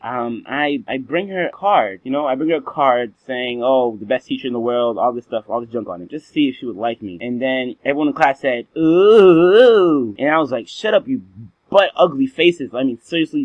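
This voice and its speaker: Brief: bragging comic storyteller, man, mid-pitched, dull lo-fi sound. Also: no room sound. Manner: boastful, slangy, playful exaggeration. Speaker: vlog storyteller. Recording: dull lo-fi dry recording.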